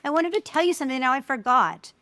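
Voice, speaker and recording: A middle-aged woman speaking as an interview guest, telling personal stories in an animated way and acting out the voices of people she quotes. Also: high-pitched, quick pace, no room sound. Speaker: guest, filmmaker. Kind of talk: casual interview conversation.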